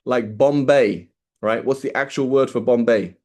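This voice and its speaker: A man's voice: mid-range voice, a little slow, a little mellow. Man teaching casually, always asking "right?". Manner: casual, checks in with "right?" constantly; asks students questions. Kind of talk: classroom lecture.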